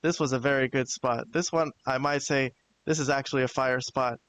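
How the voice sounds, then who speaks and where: A man giving a relaxed, plain-spoken review of a wrestling show on a live stream, now and then swearing casually. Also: mid-range voice, a little fast, dry recording.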